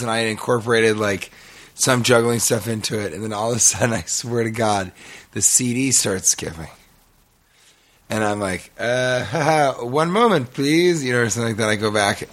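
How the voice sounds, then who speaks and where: A man casually telling a long, rambling story in podcast chat, animated and laughing as he goes. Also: lowish voice, a little fast.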